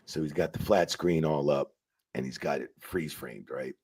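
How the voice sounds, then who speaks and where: A man's voice: a bass voice, normal speed, darkish tone, slightly rough, no echo. A man in a casual interview who tells stories, swears freely and acts out quotes animatedly. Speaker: retired wrestling referee, guest.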